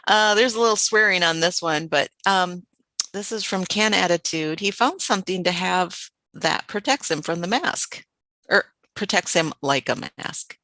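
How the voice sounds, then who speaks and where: A woman's voice: lowish voice, moderate pace, sharp tone, dry recording. A woman hosting a livestream, chatting casually and giggling as she introduces clips. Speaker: livestream host.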